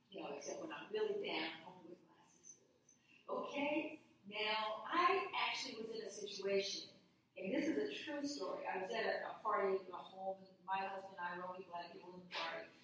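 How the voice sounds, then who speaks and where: A woman's voice: medium pitch, normal speed, fairly bright tone. A woman law professor speaking as an interview guest, emphatic and storytelling, repeating key phrases for weight. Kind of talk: passionate conversational interview. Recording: echoey room, distant mic, faint noise.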